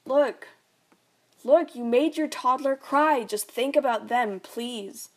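A woman's voice: a little high, a little slow. A woman reading as a frightened, pleading mother. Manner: urgent, pleading.

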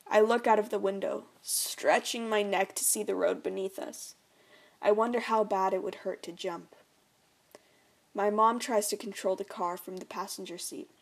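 A young woman reading her own memoir aloud in a quiet, reflective way. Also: mid-range voice, fairly even intonation, normal speed, gravelly.

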